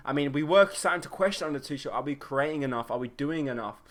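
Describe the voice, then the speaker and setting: A young man hosting a solo football podcast, excitable and opinionated, with plenty of fillers. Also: on the high side, fast. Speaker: podcast host. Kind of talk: solo football match review.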